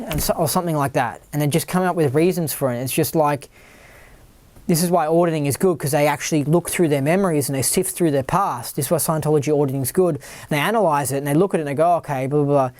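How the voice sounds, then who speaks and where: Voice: darkish tone, dry recording. Rambling podcast host, dry close sound. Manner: rambling, with many fillers and repeated words; acts out other people's worried voices in a higher tone. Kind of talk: casual monologue.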